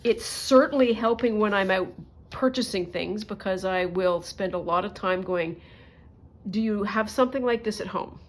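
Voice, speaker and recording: A woman's voice: medium pitch, normal speed. A woman chatting casually to her viewers while she crafts, thinking aloud and joking about herself. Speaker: crafting vlogger. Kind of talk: casual crafting chat to camera.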